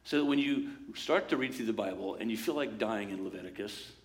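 A man preaching a sermon as pastor, in a lively conversational way, acting out quoted voices and asides. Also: lowish voice, brisk.

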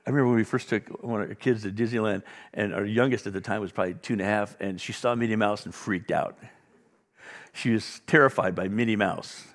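Male pastor, sermon, low voice, lively storytelling asides, long church reverb. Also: fairly quick. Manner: conversational, animated storytelling with asides to the congregation.

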